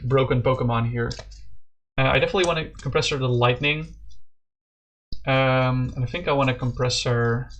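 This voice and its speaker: A man streaming a card game, chatting casually with his viewers, excitable and swearing freely. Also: medium pitch, slight background noise.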